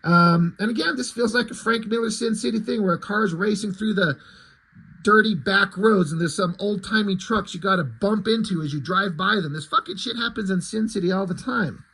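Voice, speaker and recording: A man's voice: sits high, normal speed, sharp tone, slightly rough, low-quality recording. A man reviewing a comic book in casual commentary, sarcastic and profane, with frequent asides.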